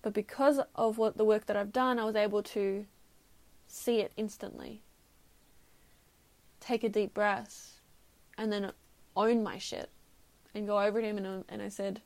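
A woman's voice: mid-range voice, level tone, normal speed, vocal fry, a little mellow. A woman hosting a podcast, telling a personal story candidly and reflectively, sometimes laughing at herself. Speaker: podcast host.

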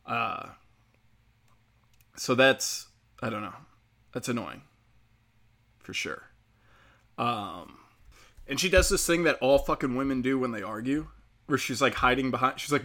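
A man's voice: medium pitch, expressive, normal speed, long pauses, fairly bright tone. A man hosting a podcast, ranting in a casual, profane and sarcastic monologue that gets heated.

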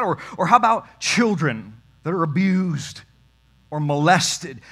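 Pastor guy preaching hard, kinda high-pitched voice, talks right at the crowd. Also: a bit bright. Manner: emphatic, talks straight to the congregation. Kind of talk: sermon.

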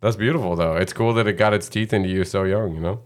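A man's voice: on the low side, quick pace. A male podcast host chatting casually with a guest, laid-back and loose, swearing now and then. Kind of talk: casual interview chat. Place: video call.

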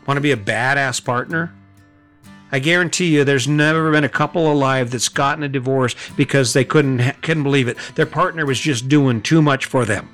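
A man's voice: mid-range voice, moderate pace, fairly bright tone, soft background music. A middle-aged man hosting a podcast, giving a blunt motivational monologue full of rhetorical questions and swearing. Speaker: podcast host.

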